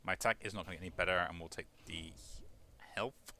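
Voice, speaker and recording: A man's voice: deep voice, fairly even intonation, fast talker, bright, forceful tone, slight background noise. A man giving casual commentary while playing a video game, rambling with many fillers. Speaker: let's play host.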